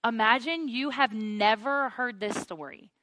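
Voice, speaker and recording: Bright, earnest woman teaching the Bible. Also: a little high, unhurried, no room sound. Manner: earnest, builds to excited wonder; addresses listeners as "you guys". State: choked up with emotion.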